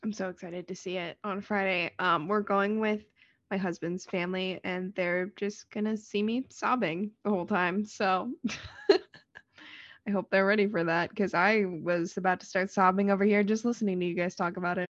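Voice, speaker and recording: A woman joining a casual chat remotely, speaking in a warm, sentimental way. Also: medium pitch, fairly even intonation, moderate pace, dry recording, muffled recording.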